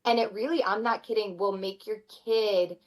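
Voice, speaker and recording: A woman in her thirties, a mother of four, speaking as a podcast guest in an earnest, animated way. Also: medium pitch, moderate pace, low-quality recording. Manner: earnest, animated, acts out her kids' voices. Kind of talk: conversational interview.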